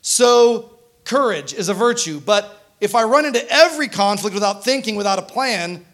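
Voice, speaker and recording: Delivering a sermon, this pastor speaks in a high, animated, slightly bright voice at a moderate pace. He keeps it conversational and often checks in with the congregation through tag questions.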